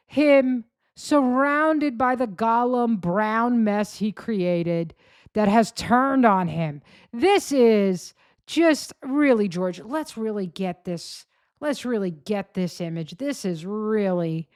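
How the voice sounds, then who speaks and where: A woman's voice: a little high, lively intonation, slow pace, no room sound, clean studio sound. A woman hosting a commentary show, talking in a sarcastic, mocking, rambling way. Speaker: host. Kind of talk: commentary on clips.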